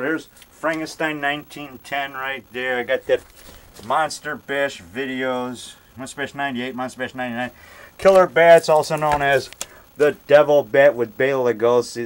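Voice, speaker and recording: Chatty man touring his basement, higher voice. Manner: eager, chatty, jumps from item to item. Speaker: monster movie-maker giving a home tour. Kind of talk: rambling show-and-tell tour. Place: home basement.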